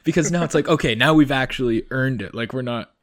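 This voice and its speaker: A man's voice: mid-range voice, fast talker, no room sound. A Canadian man co-hosting a podcast in casual chat, rambling and laughing often, speaking very close to his pop filter. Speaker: podcast co-host.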